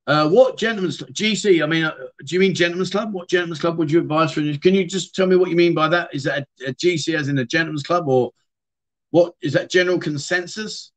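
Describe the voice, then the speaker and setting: Chatty middle-aged man, fairly high voice. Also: fast talker. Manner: rambling, chatty, answers viewers' comments as he reads them. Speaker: livestream host. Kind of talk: casual live-stream chat.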